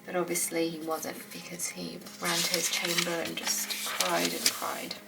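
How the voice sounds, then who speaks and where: With a fairly low voice, completely flat delivery and a measured pace, a woman reads old scripture aloud for her Bible study. She then reflects aloud in a heartfelt, earnest way. The recording is rough, with clear music underneath.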